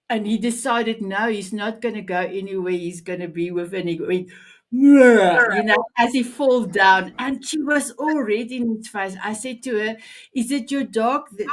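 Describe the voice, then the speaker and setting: A woman hosting an interview show, asking questions and telling a story in a halting way, often repeating words. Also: mid-range voice. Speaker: show host.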